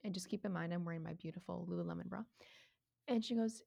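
A woman in her thirties telling a story in casual chat, animated, swearing freely and laughing often. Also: lowish voice, quick pace, vocal fry. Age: 30s.

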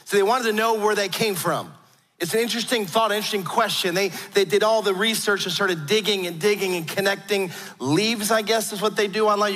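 A man's voice: high voice, bright, forceful tone. A man preaching a sermon, telling stories earnestly with frequent restarts. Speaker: pastor. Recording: long hall reverb.

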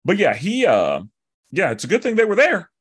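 A man hosting a podcast, chatting casually and acting out his own reactions with animated energy. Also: sits high, moderate pace, slightly rough. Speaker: podcast host. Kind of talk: casual chat.

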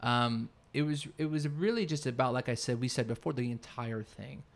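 A man's voice: mid-range voice, normal speed, gravelly. A man co-hosting a podcast in casual chat, rambling and searching for his words mid-sentence. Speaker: podcast co-host.

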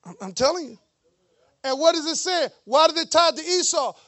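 A man preaching a lively sermon in church, with joking, mocking asides to the congregation. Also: very high-pitched, normal speed. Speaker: pastor.

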